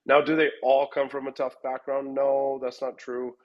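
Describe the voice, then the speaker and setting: A man's voice: mid-range voice, level tone, moderate pace, highs cut off. A middle-aged man, a fight gym coach, answering interview questions in a rambling way, often restarting and repeating words. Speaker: MMA gym head coach.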